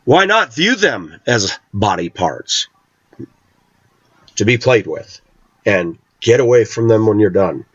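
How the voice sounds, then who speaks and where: A man's voice: lowish voice, lively intonation, unhurried, no echo, muffled recording. A middle-aged man vlogging an opinionated monologue, talking with intensity and hard emphasis.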